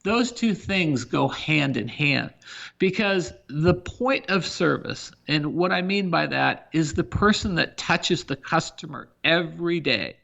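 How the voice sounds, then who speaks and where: Energetic gravelly middle-aged businessman. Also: fairly high pitch, measured pace, muffled recording. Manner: energetic, emphatic, talks through examples. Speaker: senior living company CEO, guest. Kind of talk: business podcast interview.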